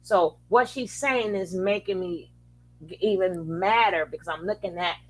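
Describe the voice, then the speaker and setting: A woman's voice: on the low side, a little slow, rough recording. A woman hosting a reaction commentary, speaking angrily with cursing and restarted phrases. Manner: angry, profane, restarts phrases. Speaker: reaction channel host.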